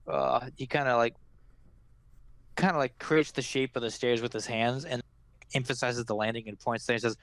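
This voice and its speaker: A man's voice: medium pitch, steady tone, fairly bright tone, no echo. Man narrating as game master, dry sound. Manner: halting, filler-heavy narration.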